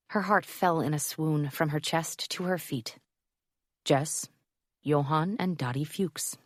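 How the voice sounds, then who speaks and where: A woman narrating a romance audiobook in a measured, even reading on a close mic. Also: low-pitched, no echo. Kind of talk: scripted narration.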